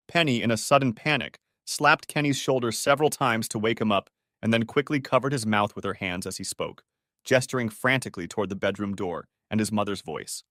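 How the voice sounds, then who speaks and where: A man narrating an audiobook story in an expressive, animated way. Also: fairly low pitch, normal speed, no echo, studio quality.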